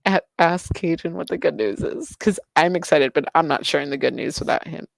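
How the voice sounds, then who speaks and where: A young woman streams live, chatting casually with her viewers and reading their messages aloud. Her voice sits a little low, and she swings into excited, bubbly bursts. The sound is dry and close, with no room around it. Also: brisk, creaky, no echo.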